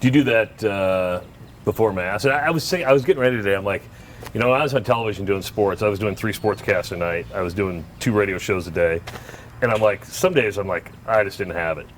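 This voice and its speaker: Low-voiced man asking upbeat questions. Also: slight background noise. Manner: upbeat, curious questioning, quick to laugh. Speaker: co-host, interviewer. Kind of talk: casual conversation.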